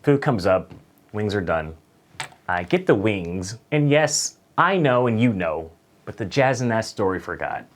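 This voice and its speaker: Laid-back low-voiced male storyteller. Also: very animated, unhurried, a little hiss or hum. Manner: casual, profane, lots of "like" and "uh". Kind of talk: comedic storytelling.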